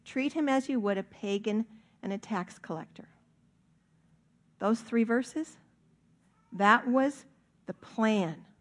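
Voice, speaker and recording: A middle-aged woman pastor preaching a sermon in a church, earnest and emphatic, stretching out key words for weight. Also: mid-range voice. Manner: earnest, emphatic, with drawn-out stresses.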